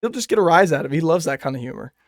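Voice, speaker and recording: A man's voice: on the high side, racing, creaky, dry recording, clean studio sound. A man in his twenties telling a funny story on a casual podcast, laughing as he goes. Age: 20s. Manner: animated storyteller, laughs often. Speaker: podcast co-host. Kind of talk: casual chat.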